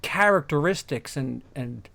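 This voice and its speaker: A man hosting a casual online chat, talking in halting bursts with many restarts and repeated words. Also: on the high side, animated, vocal fry, pushed and bright. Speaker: podcast host.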